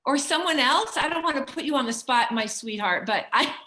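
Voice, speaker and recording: Bright, echoey woman hosting a video call. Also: high voice, animated, brisk. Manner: cheerful, encouraging, calls on people by name. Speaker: call host. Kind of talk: casual group video call.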